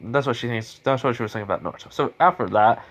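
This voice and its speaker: A man's voice: mid-range voice, fast talker, fairly bright tone. A man improvising a spoken fan story in a rambling, casual way, full of restarts and chuckles.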